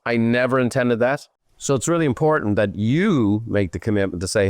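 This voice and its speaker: A middle-aged Irish man hosting a show, coaching a guest in an animated, emphatic way. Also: mid-range voice, brisk, dry recording, studio quality. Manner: animated, emphatic, slips into playful voices for others. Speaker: host and business coach. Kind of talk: live coaching Q&A.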